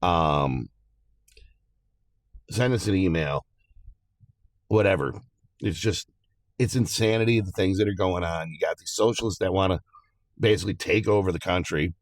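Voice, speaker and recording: A man's voice: low voice, moderate pace, pauses often, no room sound. A man hosting casual political commentary, rambling and hesitant, talking straight to his viewers.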